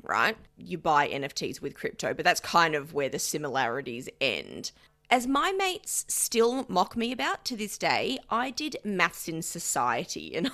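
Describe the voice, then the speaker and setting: A woman's voice: medium pitch, bright, forceful tone. A woman co-hosting a podcast, explaining a story in a playful, self-mocking way. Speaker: podcast co-host. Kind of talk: casual chat, explaining a story.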